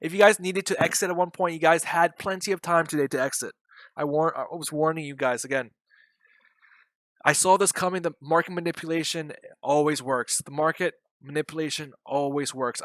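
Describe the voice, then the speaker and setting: A young man giving loud, joking live commentary on his day trades, bantering and swearing with his chat. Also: fairly high pitch, fairly quick, no room sound. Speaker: day trading streamer.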